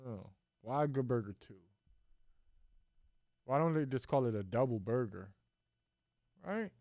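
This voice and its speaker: A man's voice: medium pitch, expressive, a little slow, pauses often, darkish tone, no room sound, clean studio sound. A man hosting a solo podcast, rambling and joking in a casual monologue with restarts. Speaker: podcast host.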